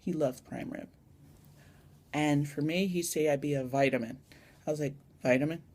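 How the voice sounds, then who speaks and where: A woman's voice: low voice, normal speed, a little mellow. A young woman chatting casually in a vlog tag, rambling and adding little asides, recorded on a phone camera. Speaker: vlogger.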